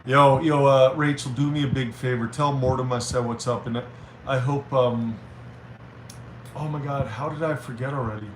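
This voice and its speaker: A man streaming live, chatting casually and reading viewer messages aloud with halting restarts. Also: medium pitch, fairly even intonation. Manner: rambling, reads chat aloud, halting restarts. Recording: roomy with faint noise.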